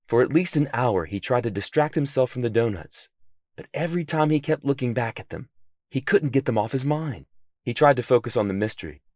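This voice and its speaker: A man narrating a children's story in an expressive, animated reading voice. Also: medium pitch, a little fast, no echo, studio quality.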